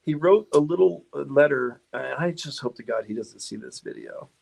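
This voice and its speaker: A middle-aged man chatting as a guest on a car podcast, voice sitting at an ordinary pitch. He tells his stories loosely, laughing often and tripping over restarts as he goes. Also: lively intonation, normal speed, creaky, darkish tone. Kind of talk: casual interview storytelling.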